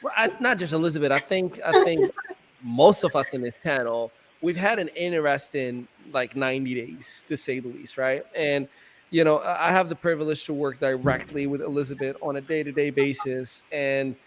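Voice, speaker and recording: A man's voice: a little high, moderate pace, slight background noise. Stammering chatty male panel host. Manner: stammering, chatty, laughs easily. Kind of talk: casual panel talk.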